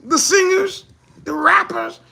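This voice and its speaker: High, gravelly man ranting forcefully. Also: steady tone, slow pace. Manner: mocking rhetorical questions, acts out imagined speakers; forceful, often shouting. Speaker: ministry speaker. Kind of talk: impassioned commentary monologue.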